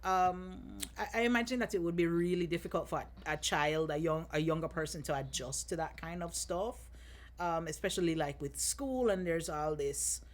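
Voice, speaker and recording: A woman from Jamaica with a Jamaican accent, a guest in a casual chat, speaking reflectively and thinking out loud as she goes. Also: on the low side, normal speed. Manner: reflective, thinks aloud with many fillers and restarts.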